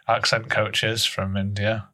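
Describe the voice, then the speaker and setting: A man co-hosting a comedy podcast, with deadpan, mock-serious banter. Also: on the low side, slow pace. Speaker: podcast co-host.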